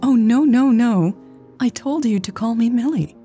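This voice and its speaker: A woman narrator voicing a friendly, outgoing adult woman jogger who chats warmly and shows concern, in a storybook reading. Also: fairly high pitch, unhurried, breathy edge, faint music behind, pitched above the performer's own voice. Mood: cheerful. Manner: warm, chatty, concerned.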